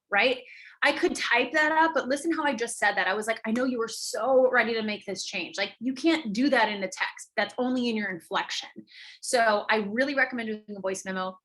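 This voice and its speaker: Her voice on the high side, this online business coach runs an energetic live training session. She speaks emphatically and tends to tag each point with a brief question.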